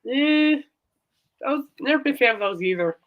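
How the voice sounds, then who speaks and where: A woman's voice: high-pitched, animated, moderate pace, phone-quality sound. A woman hosting a casual chat show, rambling and laughing often. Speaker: host.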